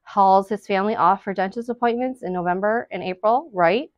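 A woman's voice: mid-range voice, a little fast, no echo, lo-fi sound, lightly acted. A woman reading as an urgent young boy hero. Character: anxious young boy hero, first-person teller.

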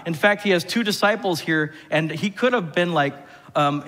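Animated male pastor preaching in a reverberant church. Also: high-pitched, moderate pace. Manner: animated, asks the congregation questions. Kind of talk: sermon. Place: church sanctuary.

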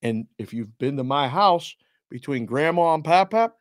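A man co-hosting a casual sports talk show, telling animated stories about his family. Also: on the high side, moderate pace, no echo, studio quality. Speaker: co-host.

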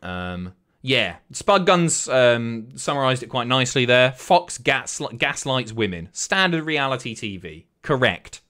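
A man's voice: mid-range voice, sing-song, unhurried, pushed and bright. A man streaming, chatting casually and joking with his chat, swearing freely. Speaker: streamer reacting to a reality show.

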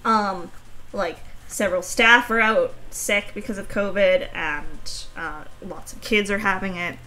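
A woman's voice: medium pitch, steady tone, measured pace, bright, forceful tone, a little hiss or hum, low-quality recording. A woman streaming a video game, chatting casually with a co-player; she is feeling sick, teases, swears casually and jokes at her own expense. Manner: playful, self-deprecating, swears casually. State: sick, under the weather. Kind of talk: casual gaming chat.

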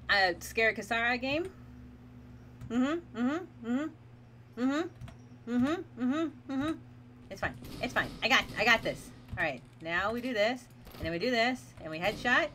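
A woman streamer chats casually with her viewers while playing a horror game, laughing often and nervously reassuring herself as she goes. Her slightly high voice is pushed and bright with lively intonation at a measured pace, and there's a faint hiss or hum.

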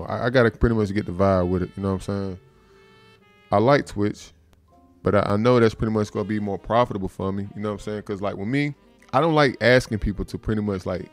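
A man chats casually to his livestream audience in a fairly low voice. He talks in a loose, laid-back way, swears freely and keeps looping back to the same filler phrases. Faint music plays quietly behind him. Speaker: livestream host.

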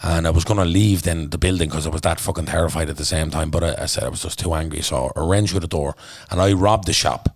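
A man's voice: rumbling low, quick pace, dry recording, studio quality. A man with a Dublin accent, a podcast guest telling his story bluntly and intensely, swearing freely. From Ireland. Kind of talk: candid storytelling in conversation.

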